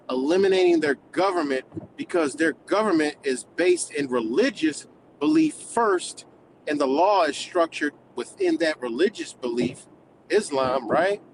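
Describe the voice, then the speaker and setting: A man's voice: on the high side, a little hiss or hum, poor audio. Heated, profane man ranting. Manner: heated, profane, rambling rant. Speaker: live streamer. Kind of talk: live rant stream.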